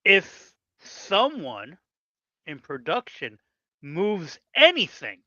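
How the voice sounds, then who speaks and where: A man with a bright, forceful voice talks through his lettering work in a casual chat, pitched a little above most men. The sound is dry and somewhat dull, like a lo-fi recording. He explains at length and acts out what editors ask of him. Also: huge pitch swings, very slow, no echo. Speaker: comic book letterer.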